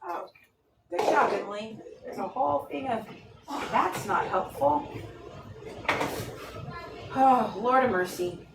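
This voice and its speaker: A woman's voice: fairly high pitch, lively intonation, slow pace, long pauses, heavy background noise. A woman ranting profanely on a home livestream, moving around her kitchen and calling out to people in the house. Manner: profane, ranting, scattered, talks to viewers. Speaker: livestream host. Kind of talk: casual livestream rant.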